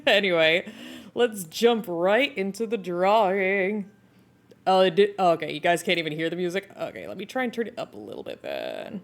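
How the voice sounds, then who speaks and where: A woman with a lowish, very animated voice chats casually with her live-stream viewers at a normal speed while she draws, laughing often. Video game music plays in the background.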